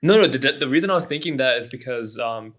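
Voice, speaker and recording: A man co-hosting a podcast, trading quick, teasing banter with his guests. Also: medium pitch, lively intonation, a bit bright. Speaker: podcast co-host. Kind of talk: casual chat.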